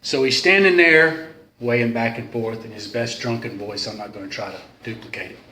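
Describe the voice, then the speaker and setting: A man's voice: mid-range voice, a little fast, bright, forceful tone. Rambling, joking man in a roomy hall. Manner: rambling, joking, self-deprecating. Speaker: speaker at a recovery meeting. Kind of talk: casual storytelling talk. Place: meeting room of a club. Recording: roomy hall sound with faint noise.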